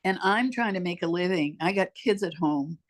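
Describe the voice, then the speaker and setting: A woman's voice: lowish voice, moderate pace. An older woman telling her life story as an interview guest, emphatic and heartfelt, talking straight to the host. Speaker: podcast guest.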